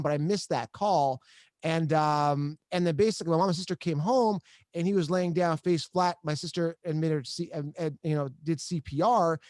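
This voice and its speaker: A male podcast host telling a personal story in a halting, emphatic way, often repeating himself. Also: on the high side, darkish tone, dry recording. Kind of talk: emotional interview storytelling.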